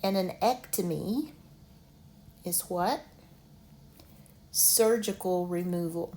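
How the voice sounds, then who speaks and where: A woman teaching an online lesson, slowly sounding out medical words syllable by syllable. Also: fairly low pitch, dark tone. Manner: slow, deliberate, sounds out syllables.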